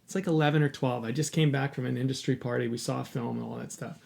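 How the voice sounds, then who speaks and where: A man's voice: mid-range voice, steady tone, fast talker, creaky, a little mellow. A man hosting a podcast, telling a personal story in an earnest, candid way and swearing casually. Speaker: podcast host.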